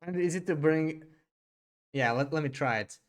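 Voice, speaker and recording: A man's voice: a little high, normal speed, over music. A young adult man streaming a game live, thinking aloud in a hesitant, rambling way with frequent restarts.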